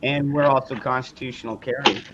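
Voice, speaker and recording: A man talking bluntly on a casual podcast, swearing freely and restarting his sentences. His voice sits in a middle pitch. The recording is a little muffled, with faint hiss behind it. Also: steady tone, brisk. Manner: blunt, profane, talks in restarts. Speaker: host.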